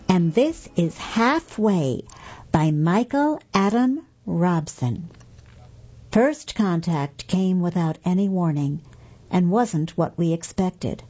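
A woman reading a story aloud as narrator, in unhurried scripted narration. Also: on the low side, mellow, husky. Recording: dull, muffled recording.

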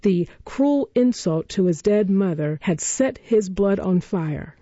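A narrator reading a classic novel in a measured, even storytelling manner, in a dull, dry recording. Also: mid-range voice, no room sound.

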